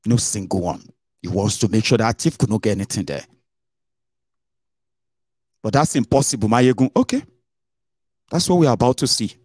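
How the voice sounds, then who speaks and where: A man's voice: lowish voice, a little fast, long pauses, breathy edge, no room sound. Chatty man, dry close sound. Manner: chatty, animated, mixes in pidgin asides. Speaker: political commentator. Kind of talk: casual political commentary vlog.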